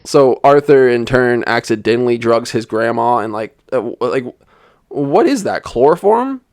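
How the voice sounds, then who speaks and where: A man's voice: medium pitch, moderate pace, a little mellow, clear, resonant tone, no room sound. A young man giving a sarcastic, rambling comedic movie review, with lots of "like" fillers. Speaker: film reviewer. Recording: dry voice-over.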